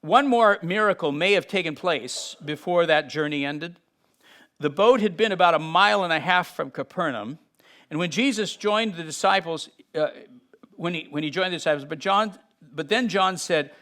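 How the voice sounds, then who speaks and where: A middle-aged man teaching from the Bible, reading aloud and breaking off to explain, with sudden shifts in loudness. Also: fairly high pitch, normal speed. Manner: animated, acts out scenes with sudden shifts in loudness.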